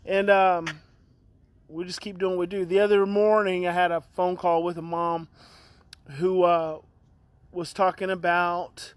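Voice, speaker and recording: High-pitched man, earnest, rambling parenting talk streamed by phone from outdoors. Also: little pitch movement, a little slow, clean tone, no echo. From California. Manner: rambling, earnest, greets viewers by name. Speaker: parenting educator hosting a daily live stream. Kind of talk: casual live-stream talk. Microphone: phone on a live stream.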